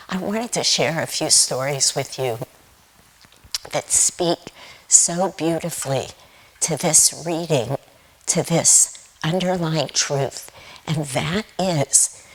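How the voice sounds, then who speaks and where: Brief: female preacher, low pitch, breathy tone, gentle sermon delivery. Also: rough recording. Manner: slow, tender delivery, drawn-out quotes from scripture. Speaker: guest speaker at Sunday service.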